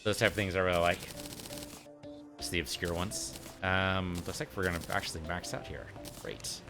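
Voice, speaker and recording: A low-voiced man hosting a let's play, talking through his gameplay in a relaxed, rambling way. He keeps slipping into jokes, with faint game music underneath. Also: moderate pace. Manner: relaxed, rambling, joke-telling. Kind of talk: casual gameplay commentary.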